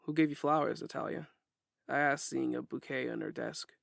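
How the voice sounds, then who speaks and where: A man narrating a first-person audiobook in a steady, plain storytelling way. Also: medium pitch, moderate pace, creaky, no echo, clean studio sound.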